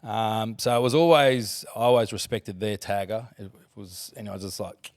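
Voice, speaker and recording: A man's voice: on the low side, moderate pace. Laughing Australian man telling stories. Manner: laughing, swearing, animated anecdotes. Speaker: podcast guest, former footballer. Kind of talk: casual storytelling.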